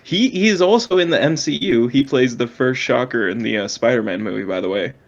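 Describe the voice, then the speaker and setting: A young man co-hosting a podcast, jokey and quick to banter. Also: mid-range voice, expressive, creaky, lo-fi sound. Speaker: podcast co-host. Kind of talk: casual chat.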